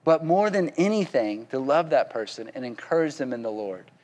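A man's voice: medium pitch, sing-song, normal speed, a little mellow, big-room sound. A man with a Southern accent preaching a sermon in a folksy, conversational way, often asking the congregation questions. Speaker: pastor.

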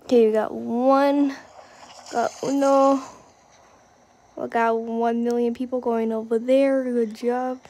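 Young female gamer, high voice, unhurried chatter over light background noise. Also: little pitch movement. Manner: chatty, reacting out loud to the game. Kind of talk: casual gameplay commentary.

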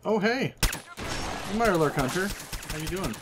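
A man's voice: sits high, expressive, measured pace, background noise. A man hosting a casual let's-play, chatty and amused, greeting things on screen as he plays. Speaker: gaming channel host.

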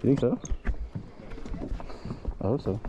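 A man's voice: mid-range voice, expressive, takes it slowly. A young man vlogging outdoors in the woods, joking around, a bit out of breath in a helmet. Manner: joking, silly banter. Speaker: moto vlogger. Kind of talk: casual vlog chat. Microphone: helmet-mounted camera. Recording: noisy outdoor wind.

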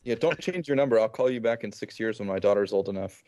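A man's voice: lowish voice, lively intonation, quick pace, darkish tone, dry recording. A man hosting a podcast, joking in casual chat. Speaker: podcast host.

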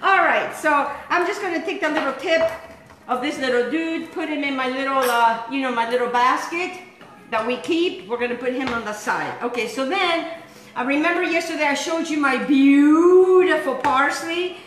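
A woman's voice: high voice, moderate pace, fairly bright tone, roomy sound, rough recording. A woman hosting a home cooking show, talking in a chatty, rambling, enthusiastic way as she demonstrates a recipe. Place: home kitchen.

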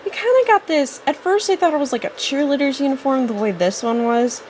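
A woman's voice: sits high, animated, a little fast, a little mellow, slight background noise. A woman giving casual, rambling gameplay commentary, chatty, often apologizing and getting impatient with the game. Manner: apologetic asides. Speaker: let's-play host.

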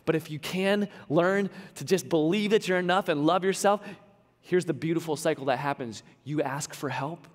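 A man with a fairly high voice gives a casual, joking sermon as a pastor. His words ring out with a long reverb, as if he is recorded in a large church hall. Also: normal speed. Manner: conversational preaching with humorous asides.

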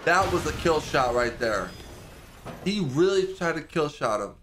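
A man hosting an anime reaction channel, talking casually and excitedly, exclaiming and swearing as he talks to the screen. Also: a little high, measured pace, slight background noise. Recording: music playing loud behind.

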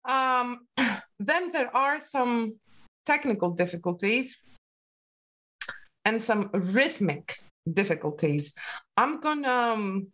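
A woman's voice: a little high, expressive, takes it slowly, pauses often, a bit bright, slight background noise. A woman teaching a piano masterclass online, patiently coaching with questions and calling out dynamics as the student plays.

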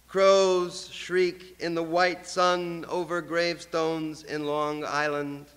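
Poet, male, high voice, slow incantatory chant, smooth clear tone. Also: level tone, a bit bright. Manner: incantatory, chanting long repeated lines. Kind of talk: poetry reading. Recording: long hall reverb.

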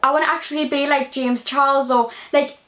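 A woman's voice: sits high, steady tone, brisk, a bit bright. A young woman chatting in a casual question-and-answer vlog, earnest and chatty with lots of fillers. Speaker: YouTuber.

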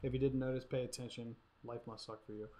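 A man's voice: medium pitch, little pitch movement, fast, mellow. A man hosting a casual live stream, telling a story and laughing as he acts out quotes.

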